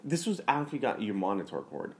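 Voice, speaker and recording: A man's voice: fairly low pitch, big pitch swings, quick pace. A man hosting a casual chat, jokey and loose, laughing often and restarting his sentences.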